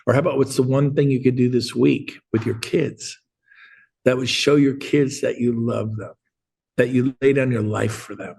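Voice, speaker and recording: A middle-aged man who coaches real estate agents, giving an energetic, rambling motivational talk on a group video call and acting out bits of dialogue. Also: mid-range voice, moderate pace, vocal fry, husky.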